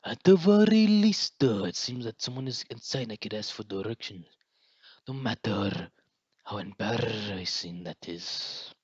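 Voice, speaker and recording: A man's voice: lowish voice, fairly even intonation, unhurried, a bit bright, slightly rough, no room sound. A man casually reading a visual novel aloud with a friend, joking and swearing. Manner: joking, profane. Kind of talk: casual read-along chat. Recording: dull lo-fi mic.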